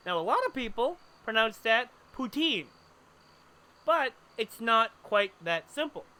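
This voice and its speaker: A man's voice: very high-pitched, sing-song, normal speed, pushed and bright, smooth. A man chatting casually to his audience while playing a game live, wandering off into long, rambling explanations. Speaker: streamer. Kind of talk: casual live gameplay commentary.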